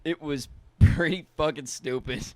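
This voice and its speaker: A man's voice: a little high, a little slow, darkish tone, dry recording. A young man co-hosting a podcast in casual chat, swearing a lot and laughing, opinionated. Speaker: podcast co-host.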